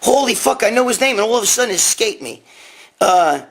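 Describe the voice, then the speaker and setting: His voice sits high with vocal fry, lively intonation and a fairly quick delivery. The New York host of a casual live stream swears and wanders off topic as he reads out viewers' questions from his phone.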